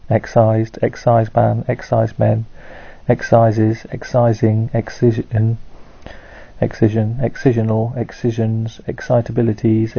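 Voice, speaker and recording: A man reading a dictionary word list aloud, one word at a time in a flat, steady delivery, on a dull, dry lo-fi recording. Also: medium pitch, creaky, no room sound.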